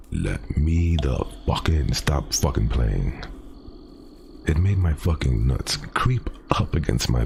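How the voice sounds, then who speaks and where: A man hosting a podcast, reading a first-person horror story aloud in a casual, profane way with dramatic pauses. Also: a bass voice, darkish tone, slight background noise.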